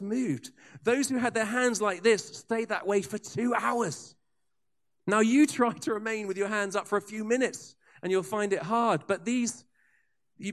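A man preaching a sermon, telling revival stories with lively asides and frequent restarts. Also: sits high. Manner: animated storyteller with asides and restarts. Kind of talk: sermon storytelling.

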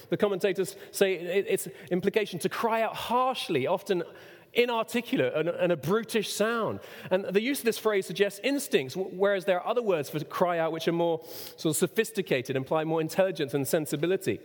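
A male pastor delivers a sermon in a bright, fairly high voice. He asks the listeners questions and now and then rises to a shout. The voice rings out with the long echo of a church hall. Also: a little fast. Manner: expressive preaching, rhetorical questions, sudden shouts.

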